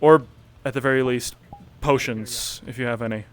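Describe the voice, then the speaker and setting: A man's voice: mid-range voice, steady tone, normal speed. A man playing his character in a tabletop game, with a tired manner, sighing and restarting his sentences. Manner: weary, with sighs and restarts. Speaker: player. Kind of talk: in-character tabletop role-play.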